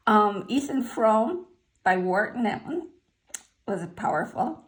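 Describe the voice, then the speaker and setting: An older woman chats through her favorite books in a slow, easygoing way. She pauses on "uh" and "um" between titles and adds small personal asides. Her voice sits at an ordinary middle pitch. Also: lively intonation. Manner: unhurried, listing titles with fillers and asides. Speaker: vlogger sharing favorite books. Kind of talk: casual spoken list.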